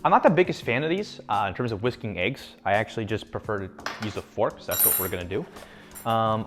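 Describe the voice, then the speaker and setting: A man's voice: fairly low pitch, big pitch swings, quick pace, music in the background. A young man hosting a casual cooking vlog from his home kitchen, rambling and cracking self-mocking jokes as he works. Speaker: home cook vlogger.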